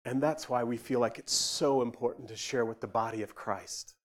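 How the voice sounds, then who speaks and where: Man preaching, storytelling sermon, acts out voices, loud then hushed. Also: mid-range voice, steady tone, moderate pace. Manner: storytelling, acts out dialogue, shifts from loud to quiet. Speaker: ministry leader speaking to a church.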